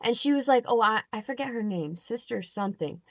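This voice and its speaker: A young adult woman telling a story in a casual, animated rant, with lots of "like" and "um" and an exasperated edge. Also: fairly high pitch, fairly quick, vocal fry, dry recording. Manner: animated, filler-heavy, exasperated. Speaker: vlogger.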